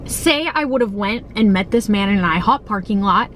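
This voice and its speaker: A woman's voice: mid-range voice, animated, moderate pace, slight background noise, rough recording. A young woman in her twenties chatting casually in a parked car, telling a story, swearing freely and acting out the quotes. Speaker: vlogger.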